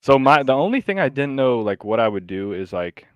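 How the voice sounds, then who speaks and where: Male podcast co-host, animated storyteller, casual and profane, dry close mic. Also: medium pitch, a little fast, dry recording, lo-fi sound. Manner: animated storytelling, acts out quotes, swears freely. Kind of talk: casual chat.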